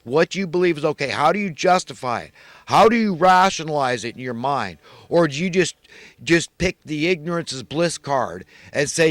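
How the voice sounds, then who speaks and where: A man's voice: medium pitch, dry recording. A middle-aged American man giving an earnest, rambling moral monologue, repeating himself and restarting his phrases. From United States. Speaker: vlogger.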